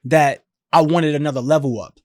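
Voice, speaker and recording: A man in his thirties telling his life story as a podcast guest, animated and emphatic, with slangy phrasing, often acting out other people's voices. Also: on the high side, moderate pace, no echo, clean studio sound. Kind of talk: storytelling in a casual interview.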